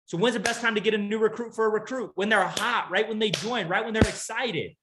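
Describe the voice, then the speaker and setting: High-pitched guy doing a sales trainer pep talk, lots of rhetorical questions, says the big lines twice. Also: fairly quick, noisy background. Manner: punchy, rhetorical questions, call-and-response; repeats key lines for emphasis. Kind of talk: motivational talk to an audience.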